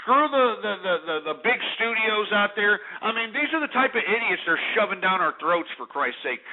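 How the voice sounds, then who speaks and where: Talk radio host, male, high-pitched, profane rambling rant, thin phone-like sound. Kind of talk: ranting talk radio monologue. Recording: tinny phone-like radio archive.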